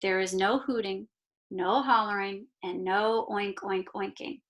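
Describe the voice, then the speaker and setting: A woman reading a picture book aloud, voicing a kindly male farmer who lays down strict rules in a slow, hushed, firm way. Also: medium pitch, steady tone, natural voice. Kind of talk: read-aloud storytime.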